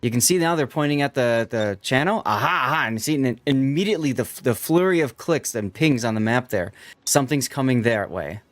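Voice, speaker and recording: A man's voice: mid-range voice, expressive, fairly quick, no echo. Man explaining tactics on a live stream. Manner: explanatory, walks viewers through tactics. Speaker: streamer and tournament commentator. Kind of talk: live game commentary.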